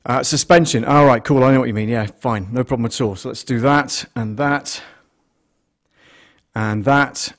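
Man, live stream host, casual rambling talk, mid-pitched voice, mic check counting, close condenser mic, small studio. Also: normal speed. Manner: rambling, thinks aloud while setting up gear. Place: small studio with a mixing desk. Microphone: desktop condenser microphone, close.

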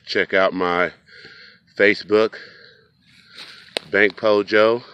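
A man's voice: lowish voice, fairly even intonation, extremely slow, sharp tone, clean tone, dry recording, highs cut off. A man vlogging casually outdoors by a riverbank, talking straight to his viewers in a folksy way. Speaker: fishing vlogger.

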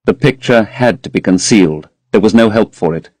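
Man, audiobook narrator, low voice, measured, dry close recording. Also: darkish tone, no echo. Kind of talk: audiobook reading of a classic novel.

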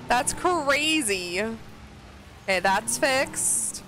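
A woman streamer giving casual commentary on her game, talking to herself and often breaking into excited squeals and exclamations. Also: a little high, a little slow, a little hiss or hum.

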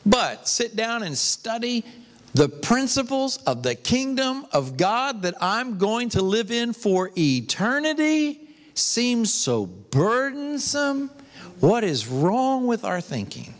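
A male pastor preaches with emphatic fervor, his fairly high voice rising and falling in wide swings. He takes his time with each phrase. The sound carries a long reverberant tail, as in a large church hall. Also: very animated, slow pace. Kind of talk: sermon.

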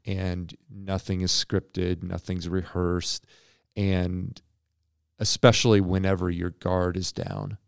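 A man's voice: low-pitched, level tone, slow, creaky, clean tone, no room sound, studio quality. A man co-hosting a church podcast in a casual, thoughtful way, with fillers and self-deprecating humor. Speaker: pastor and podcast co-host.

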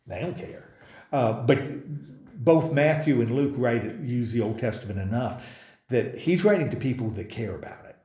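This man's mid-range voice has a darkish tone, heard in an echoey church meeting room. He runs an informal Bible study, chatting conversationally, asking the group questions and frequently starting over.

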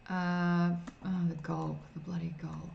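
In a lowish, gravelly voice with little pitch movement, the woman speaks at a measured pace. She casually comments on an old computer game she's streaming and reads chat, and the streaming mic audio is slightly dull with faint noise.

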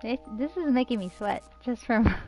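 A woman's voice: a little high, lively intonation, moderate pace, a little mellow. A woman giving casual, giggly commentary while playing a game, talking to herself. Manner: giggly, chatty, talks to herself. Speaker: game streamer. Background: game music.

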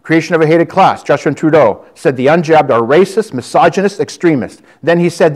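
Defiant lay preacher, male, fervent, slightly raised pitch. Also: animated, brisk, hardly any pauses. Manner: fervent, defiant, addresses listeners as brother and sister. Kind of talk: preaching to a congregation. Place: church hall with audience.

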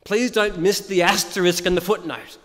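Male preacher, high and animated, unhurried, emphatic with rhetorical questions, church reverb. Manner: emphatic, repeats key phrases, asks rhetorical questions. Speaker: pastor. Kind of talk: sermon. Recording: long reverb of a church hall.

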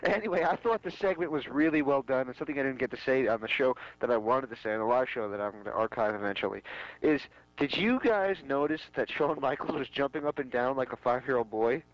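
A man's voice: medium pitch, quick pace, no echo. A man co-hosting a podcast in casual chat, blunt and teasing. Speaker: podcast co-host. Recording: dull lo-fi sound.

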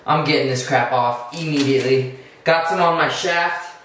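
Young guy vlogging in a bathroom, kinda high voice, jokey and awkward, room echo. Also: moderate pace, fairly bright tone. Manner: joking, self-conscious, rambling. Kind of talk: casual vlog chat. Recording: echoey bathroom, faint noise.

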